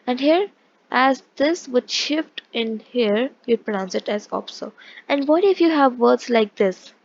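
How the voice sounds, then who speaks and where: Higher-voiced woman teaching a language lesson. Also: lively intonation, measured pace, lo-fi sound. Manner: explains patiently, with frequent restarts and check-ins. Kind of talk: casual online lesson explaining pronunciation.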